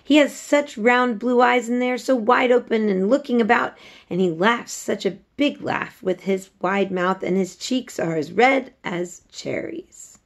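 A woman's voice: a little high, measured pace, gravelly, voice pushed up. A woman reading aloud, voicing a blunt, stubborn young girl who speaks obstinately. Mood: eager. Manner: obstinate, unsympathetic.

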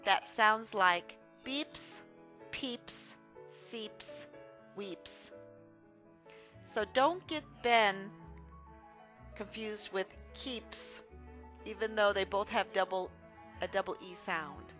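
Very slow, careful woman reading tutor. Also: mid-range voice, pushed and bright. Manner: slow, careful, stresses each word. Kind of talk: phonics lesson read aloud. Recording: dull lo-fi sound with faint music.

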